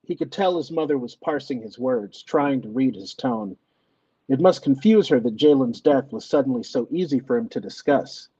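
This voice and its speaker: A man reading his ghost story aloud to an audience, in an expressive, lively way. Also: medium pitch, normal speed, husky, no echo, dull audio.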